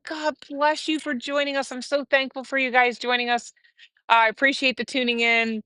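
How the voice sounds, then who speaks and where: A woman hosting a casual livestream, telling a story in a chatty, animated way with laughs. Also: mid-range voice, no room sound. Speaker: livestream host.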